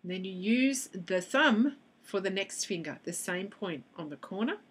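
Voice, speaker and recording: An animated woman with a medium-pitched voice speaks at normal speed, explaining to camera how tapping works with children. She's an EFT practitioner from Australia who acts out both sides of a session, and slight background noise can be heard.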